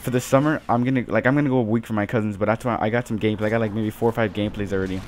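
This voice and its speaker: A man's voice: on the low side, steady tone, very fast, a little hiss or hum. A teenage man telling a rambling story full of fillers over his gameplay, as host of his gaming channel. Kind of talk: casual gameplay commentary.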